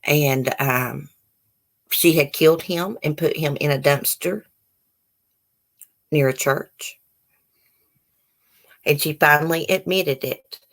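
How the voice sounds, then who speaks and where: A woman's voice: low-pitched, takes it slowly, long pauses. A woman hosting a live stream. She reads news articles aloud and breaks off into heated, indignant commentary and casual chat with viewers. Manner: chats directly with live viewers, casual and rambling. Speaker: channel host.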